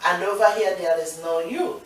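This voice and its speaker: A woman's voice: fairly low pitch, normal speed. A Nigerian-accented woman co-hosts a casual talk show, earnest and encouraging, driving her points home by repeating them. She sits well back from the mic, and the room around her rings with heavy echo. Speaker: co-host. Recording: distant, echoey room sound.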